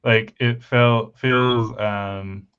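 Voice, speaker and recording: A man talks slowly and haltingly, filling gaps with ums while he thinks aloud. His voice is low and smooth. The recording is a little dull and lo-fi. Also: fairly even intonation. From United Kingdom. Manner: hesitant, many pauses and fillers. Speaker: podcast co-host. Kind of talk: casual chat about language building. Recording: slightly dull lo-fi mic.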